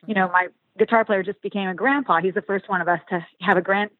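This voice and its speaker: A woman in her fifties, a touring musician, chatting casually in an interview, rambling warmly with many restarts. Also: medium pitch, steady tone, fast, no echo. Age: 50s. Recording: tinny phone-like line, dry.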